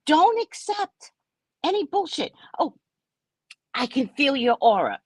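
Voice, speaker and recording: A woman's voice: high voice, sing-song, slow pace, long pauses, a little mellow, dry recording. A woman psychic reader telling a story on a casual live stream, brash, profane and mocking.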